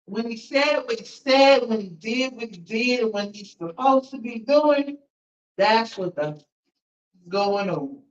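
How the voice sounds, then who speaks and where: A woman with children chatting casually to viewers on a live stream, animated and blunt, laughing often and using slang. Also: fairly high pitch, slow pace. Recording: dull lo-fi sound.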